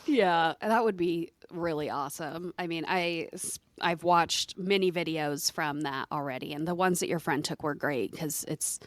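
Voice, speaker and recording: A woman's voice: sits low, moderate pace, hardly any pauses, no echo. A woman co-hosting a podcast in casual chat, talking loosely with fillers and trailing phrases. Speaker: podcast co-host.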